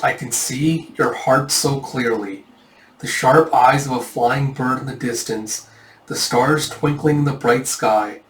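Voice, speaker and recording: A man voicing a brooding young male dragon warrior, speaking in a quiet, awed, ominous way. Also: mid-range voice, a little slow, close to an everyday voice. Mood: quietly ominous. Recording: roomy, distant mic.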